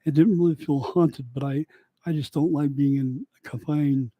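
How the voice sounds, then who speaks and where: A man's voice: fairly high pitch, steady tone, normal speed, dry recording, highs cut off. A man telling a personal story in a casual, rambling way that drifts off into side thoughts. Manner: rambling, digressive.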